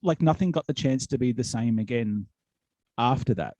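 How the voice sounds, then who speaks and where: A man's voice: medium pitch, animated, moderate pace, mellow, dry recording. An Australian man, a wrestling commentator, telling stories in a casual podcast chat, rambling with many fillers and restarts. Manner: rambling storyteller with many ums, likes and restarts. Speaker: wrestling commentator and promoter, guest.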